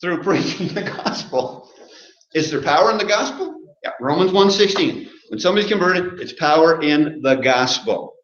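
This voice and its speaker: A man with a slightly high, lively voice and a somewhat bright tone speaks at a moderate pace. He preaches an interactive sermon from a church pulpit, questioning the congregation and joking as he goes. The recording, made in a church sanctuary, sounds roomy and muffled.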